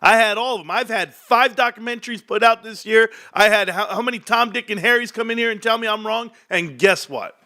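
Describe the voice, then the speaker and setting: A man's voice: high voice, brisk, hardly any pauses, pushed and bright. A man hosting a casual stock market livestream, brash and boastful, joking with his chat. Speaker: livestream host.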